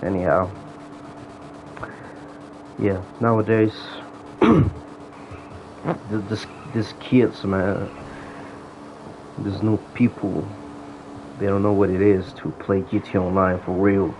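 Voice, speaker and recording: A man's voice: sits low, slow pace, pauses often. Profane man ranting casually, lo-fi audio. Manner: profane, animated storytelling. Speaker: gaming vlogger. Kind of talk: casual rant. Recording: dull lo-fi audio with faint noise.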